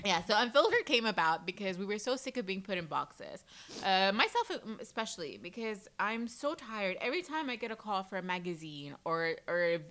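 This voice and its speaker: Blunt, bright-voiced woman in her forties. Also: medium pitch, fairly quick. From United Arab Emirates. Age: 40s. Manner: blunt, profane, animated storytelling. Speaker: podcast co-host. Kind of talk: casual podcast chat.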